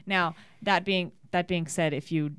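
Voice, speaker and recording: A young woman co-hosting a casual radio show, chatting excitedly through tech news with lots of restarts. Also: fairly low pitch, a little slow, smooth, no echo, studio quality. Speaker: podcast co-host reading tech news.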